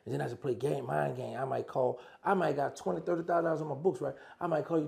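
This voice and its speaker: A man's voice: a little high, steady tone, quick pace, creaky, darkish tone. A man telling his prison stories in a casual interview, acting out phone calls in dialogue as he speaks. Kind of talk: casual storytelling.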